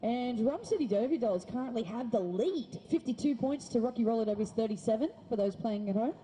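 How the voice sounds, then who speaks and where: A woman's voice: a little high, animated, brisk, mellow, a little hiss or hum, poor audio. A woman giving jokey, punning live play-by-play of a roller derby bout. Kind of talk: live sports commentary.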